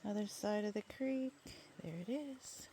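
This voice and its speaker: A woman's voice: mid-range voice, fairly even intonation, measured pace, warm tone, a little hiss or hum. A woman narrating a casual hiking vlog in a gushing, enthusiastic way, recorded on a handheld phone on an outdoor forest trail. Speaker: vlogger.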